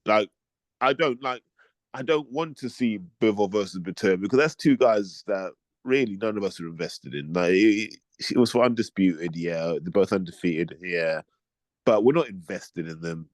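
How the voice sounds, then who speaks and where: A man's voice: on the low side, moderate pace, dry recording. A man, co-hosting a casual chat, blunt and opinionated, with lots of "like". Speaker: podcast co-host.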